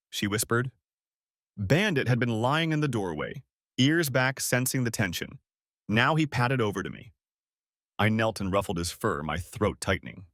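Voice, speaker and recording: A man reading a scripted first-person story, measured and cold in tone. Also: fairly low pitch, very animated, fairly bright tone, no echo, clean studio sound. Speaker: story narrator.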